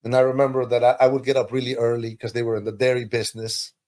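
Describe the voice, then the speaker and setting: A man from Peru shares his life story as a podcast guest. He talks in a medium register and tells it with animated feeling, his pitch leaping up when he gets excited. He sounds like he is reliving each moment as he speaks. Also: fast. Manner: animated, emotional storytelling with sudden high pitch lifts. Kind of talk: personal testimony in conversation.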